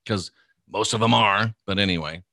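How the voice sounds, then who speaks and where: A middle-aged male minister preaching to a livestream audience in an emphatic, repetitive cadence, stretching out words and even spelling them. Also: lowish voice, moderate pace, creaky, no echo, studio quality.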